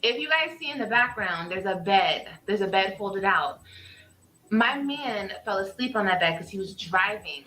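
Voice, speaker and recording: A young woman vlogger telling her story to viewers in a drawn-out, animated way. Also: mid-range voice, roomy sound, background noise.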